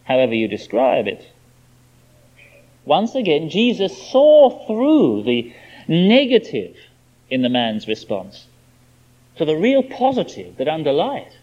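Lively male preacher on a dull recording. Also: fairly high pitch, unhurried, long pauses. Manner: lively, emphatic expository preaching. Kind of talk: sermon.

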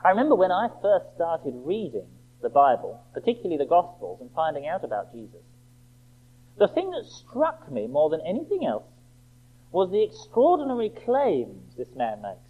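A man delivers a sermon in a high, animated voice whose pitch swings widely. He is emphatic, leans on rhetorical questions, and quotes scripture slowly and deliberately, and the recording has a thin, tinny, phone-like sound.

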